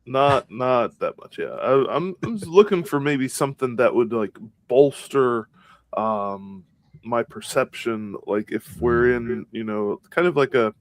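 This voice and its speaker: A man playing a tabletop game, speaking haltingly as he searches for words. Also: medium pitch, lively intonation. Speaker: player.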